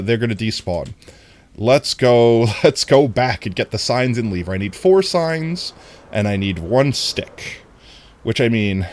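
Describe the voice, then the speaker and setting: A man streaming a game, chatting casually with his viewers, with a somewhat nasal voice. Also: on the low side. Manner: chatty, talks to viewers while playing. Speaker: livestreamer.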